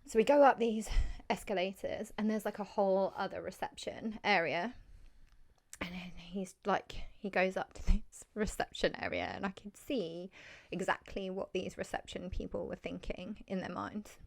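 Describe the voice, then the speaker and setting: A woman's voice: mid-range voice, normal speed, gravelly. A young English woman in her twenties telling a long story in a rambling, chatty way, full of "like" and acted-out quotes. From England. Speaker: podcast host. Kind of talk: casual storytelling chat.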